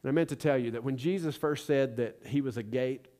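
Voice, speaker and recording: A man's voice: medium pitch, a little fast, dark tone. A man preaching a sermon as pastor, telling stories conversationally with light jokes. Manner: storytelling, conversational with self-deprecating jokes. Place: church sanctuary.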